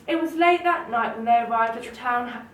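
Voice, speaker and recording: A woman reading a children's story aloud in a gentle, expressive way. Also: fairly high pitch, brisk, slight background noise. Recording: roomy, distant mic, faint ambience.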